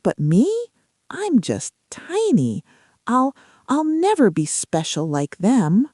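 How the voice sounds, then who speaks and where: A woman's voice: on the high side, huge pitch swings, slow pace, mellow, no echo, studio quality, pitched above the performer's own voice, full character voice. A woman voicing a tiny, shy seedling sprout that speaks timidly and stammers a little. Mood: sad.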